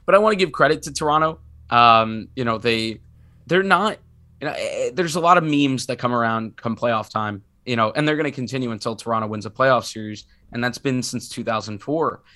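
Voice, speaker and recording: A man's voice: mid-range voice, fairly quick, bright, forceful tone. Sick man rambling on a sports podcast. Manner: rambling, self-mocking, many restarts. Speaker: podcast co-host. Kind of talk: casual sports podcast chat.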